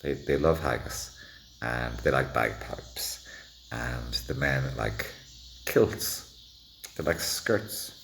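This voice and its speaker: Very deep, gravelly man rambling. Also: expressive, slow, fairly bright tone, a little hiss or hum. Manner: meandering, self-interrupting, playful, drifting into whispers. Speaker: vlogger. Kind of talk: rambling monologue to the camera.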